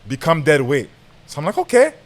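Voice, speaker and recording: A young man casually telling a lively football story on a podcast, full of slang, acting out what people said and often laughing. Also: mid-range voice, fairly quick. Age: young adult. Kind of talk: animated storytelling, casual chat.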